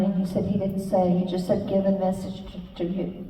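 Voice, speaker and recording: An older woman telling her life story on stage, halting and warm, with many fillers and restarts. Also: fairly low pitch, flat delivery, slight background noise. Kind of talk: live stage conversation with audience. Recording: echoey hall, speaker far from mic.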